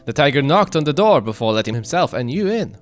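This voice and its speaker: A man's voice: a little high, very animated, quick pace, soft background music. A man hosting and narrating a visual novel read-through, chatty and amused. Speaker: host and narrator.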